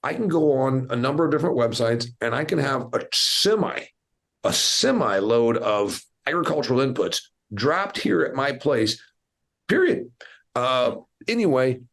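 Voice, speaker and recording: A man hosts an interview podcast in a loose, conversational style. He tells stories and drops blunt asides, and his voice sits at an ordinary medium pitch. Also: gravelly. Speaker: podcast host.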